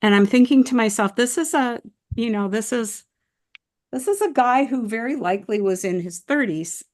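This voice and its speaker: An older woman hosting a video-call chat, telling a story slowly and deliberately, with frequent restarts. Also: fairly high pitch, darkish tone. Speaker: host.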